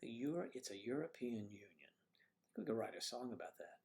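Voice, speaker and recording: A man's voice: medium pitch, lively intonation, brisk, creaky, a little mellow. A man hosting a casual livestream, chatting and telling rambling stories. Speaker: livestream host.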